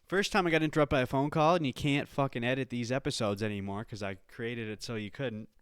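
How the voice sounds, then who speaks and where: A young man hosting his own podcast, ranting loudly and swearing constantly in a casual, agitated way. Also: mid-range voice, quick pace, smooth, no room sound, studio quality. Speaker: podcast host. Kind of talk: casual profane rant.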